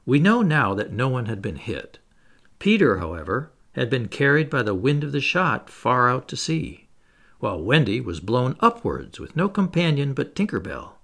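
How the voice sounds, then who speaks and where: A man narrating a children's storybook with an expressive, animated delivery. His pitch rises and falls freely, and a gravelly texture runs through his middle-range voice. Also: normal speed. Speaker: audiobook narrator.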